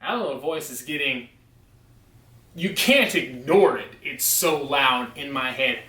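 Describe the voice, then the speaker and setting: Vlogger, male, slightly high voice, storytelling, a bit off-mic. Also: animated, normal speed, bright, forceful tone, distant mic. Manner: emphatic, insistent storytelling. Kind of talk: storytelling vlog. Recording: echoey room, away from mic.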